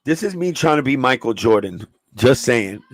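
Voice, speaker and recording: A man's voice: medium pitch, sing-song, normal speed, no echo, poor audio. A man hosting a casual livestream, chatting in a slangy, profane, easygoing way and laughing often. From New York. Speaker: sneaker livestream host.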